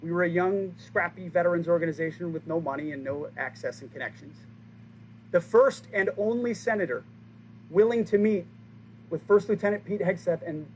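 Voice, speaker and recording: A man's voice: sits high, a little hiss or hum, rough recording. Rousing man giving a ceremony speech. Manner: rousing, emphatic, with pauses for effect. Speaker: speaker at a base ceremony.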